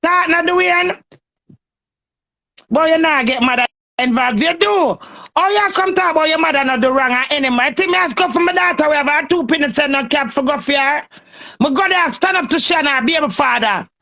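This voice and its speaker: A woman's voice: sits high, lively intonation, fairly quick, creaky, bright, forceful tone. A Jamaican woman in a heated, cursing, confrontational rant on a phone live stream.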